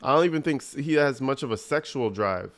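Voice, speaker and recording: A man's voice: mid-range voice, animated, brisk. A man streaming and reacting to a clip, talking in a crude, mocking, rambling way with lots of slang. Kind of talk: casual livestream commentary.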